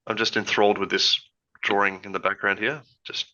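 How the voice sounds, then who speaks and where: Guy cohosting a podcast from home, chill and rambly, kinda low voice, muffled old headset mic. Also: level tone, brisk, noisy background. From Australia. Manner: rambling, easygoing, laughs often. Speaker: podcast co-host. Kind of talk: casual chat. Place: hot room at home with big fan. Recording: lo-fi headset audio.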